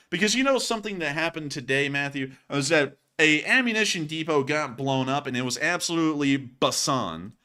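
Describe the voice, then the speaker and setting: A man's voice: fairly high pitch, sharp tone. A man hosting a war news show, commenting casually and jokingly over footage. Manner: chatty, joking, says y'all.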